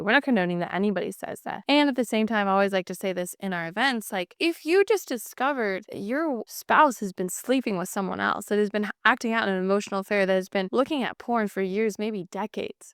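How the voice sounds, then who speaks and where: A woman co-hosts a marriage podcast and makes her points with firm emphasis. Her voice is smooth and clear and sits a little high. The recording is dry and close. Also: lively intonation, moderate pace, few pauses, a bit bright, no echo. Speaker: podcast co-host. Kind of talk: candid marriage advice chat.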